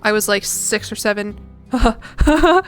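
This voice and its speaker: A woman's voice: mid-range voice, expressive, slow pace, soft background music. A young American woman streaming a game and chatting casually with viewers, laughing often and rambling with lots of fillers. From United States. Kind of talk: casual chat while gaming.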